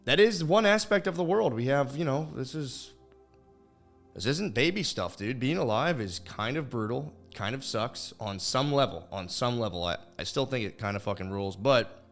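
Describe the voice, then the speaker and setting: A man hosting a podcast, telling a meandering story casually and profanely. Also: lowish voice. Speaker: podcast host. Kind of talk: rambling storytelling.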